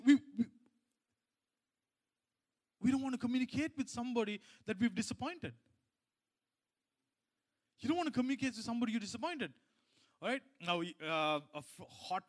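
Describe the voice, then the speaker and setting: Bright, high-voiced man preaching casually. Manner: conversational, many restarts and asides. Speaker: pastor. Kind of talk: sermon with personal story.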